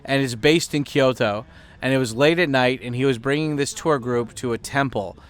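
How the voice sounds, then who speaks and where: A podcast host with a mid-range voice talks at normal speed in a casual, rambling monologue. He's full of fillers and swearing throughout.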